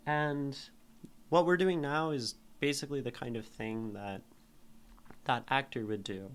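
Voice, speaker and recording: A man's voice: medium pitch, fairly even intonation, unhurried, fairly bright tone, clean tone. A man streaming live, reading a poem aloud and then picking apart its meter and syllables. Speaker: streamer critiquing poetry.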